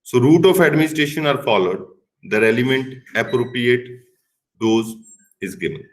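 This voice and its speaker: A man's voice: medium pitch, lively intonation, normal speed, poor audio. A middle-aged man with an Indian English accent giving a recorded pharmacy lecture, stressing key words and now and then slipping into Hindi. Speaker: pharmacy professor.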